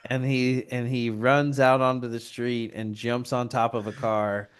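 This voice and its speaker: A man's voice: mid-range voice, unhurried, smooth. A man co-hosting a podcast, retelling a film plot in casual, profane chat and acting out the characters' lines. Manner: profane, animated retelling with quoted voices. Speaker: podcast co-host.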